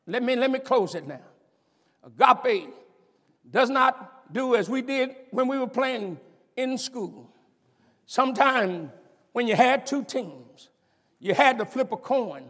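An older man preaching a sermon, stammering and repeating himself, swinging between shouts and asides and asking the congregation "am I right about it.". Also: very high voice. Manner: stammers and repeats words, bursts into shouts and laughter. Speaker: pastor. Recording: long hall reverb.

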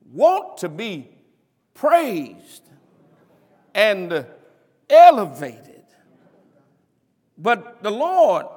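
Animated preacher man in a reverberant hall. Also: high voice. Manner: rising to shouted emphasis, calls and responses to the congregation. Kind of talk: sermon.

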